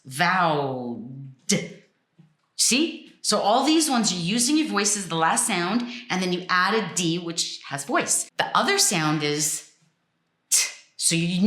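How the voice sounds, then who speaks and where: A woman teaching phonics in a casual way, slowly sounding out word endings. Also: on the low side, big pitch swings, fairly bright tone, echoey room. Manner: slow and deliberate, sounding out words. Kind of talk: casual explanatory lesson.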